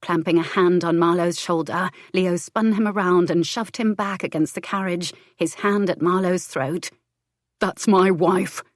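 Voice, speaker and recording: A woman narrating a historical romance audiobook in a measured, expressive reading. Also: fairly low pitch, no room sound, studio quality.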